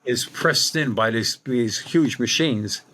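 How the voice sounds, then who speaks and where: Older new guy rambling through a story, bright forceful voice, lots of restarts. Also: medium pitch, slow pace. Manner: rambling, anecdotal, many restarts. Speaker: guest, psychic medium. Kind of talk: storytelling in a podcast interview.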